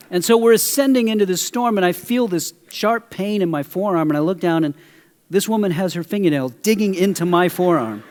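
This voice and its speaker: A middle-aged male pastor preaching a sermon, animated as he tells a story and questions the audience. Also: high-pitched. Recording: long hall reverb.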